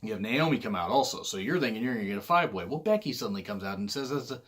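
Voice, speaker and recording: A man giving casual solo commentary on wrestling, rambling and correcting himself, often clearing his throat. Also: on the low side, expressive, racing, a bit bright.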